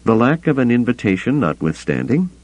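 A man doing a gruff, grumbling smuggler. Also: medium pitch, sing-song, fairly quick, darkish tone, highs cut off, voice pushed up, natural voice. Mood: wary. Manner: terse, grumbling lines.

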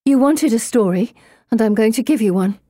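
Woman doing a creepy teen girl telling ghost stories, teasing, a bit pitched up. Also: animated, normal speed, warm tone, no room sound, studio quality. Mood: ominous. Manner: teasing, ominous storytelling. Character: eerie, mysterious teenage girl storyteller.

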